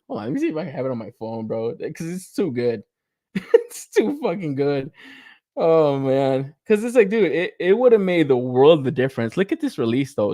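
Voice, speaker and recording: Swearing, animated male toy podcaster. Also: no echo, clean studio sound. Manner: animated, swears a lot, laughs often, rants with rising pitch. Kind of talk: casual review chat.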